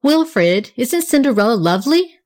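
A woman voicing a dreamy, eager little girl with a wistful, excitable manner. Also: a little high, moderate pace, voice pushed up.

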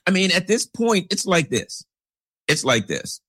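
Husky man riffing with wild pitch swings. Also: measured pace, dry recording. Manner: rambling, animated, swoops into big pitch jumps; acts out characters in anecdotes. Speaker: commentator. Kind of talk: casual commentary monologue.

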